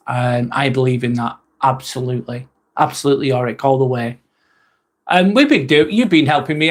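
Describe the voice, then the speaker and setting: A man in his forties hosting a casual live stream, rambling and chatty as he reads out and answers viewer comments, with mild swearing. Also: mid-range voice. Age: 40s.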